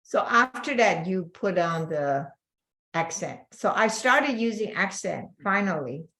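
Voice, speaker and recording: A woman's voice: lowish voice, animated, measured pace, fairly bright tone. Woman chatting on a video call. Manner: short remarks and questions between the demonstrator's steps. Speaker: meeting participant. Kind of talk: casual chat on a video call.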